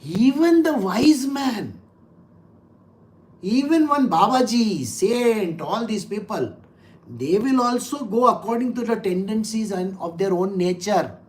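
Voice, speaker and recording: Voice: mid-range voice, lively intonation, unhurried. A spiritual teacher talks through scripture in a loose, conversational way. The teacher weaves in stories, chuckles along, and keeps throwing rhetorical questions at the listeners. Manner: laughs while telling anecdotes. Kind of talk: conversational scripture talk with storytelling.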